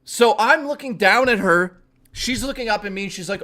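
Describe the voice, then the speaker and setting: A man streaming, telling a personal story in a casual, animated and profane way, often swearing that it is true. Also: high voice, moderate pace.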